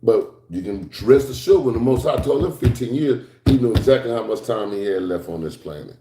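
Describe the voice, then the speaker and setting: Low-voiced man preaching in an echoey room. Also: a little hiss or hum. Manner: swings from slow, low reading to high excited exclamations; colloquial asides to the class. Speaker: Bible class teacher. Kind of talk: scriptural teaching sermon.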